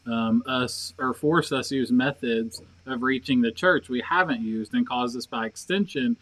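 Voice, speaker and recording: Casting note: man reading viewer comments on a church stream, plain and steady, dry close sound. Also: mid-range voice, normal speed, no echo.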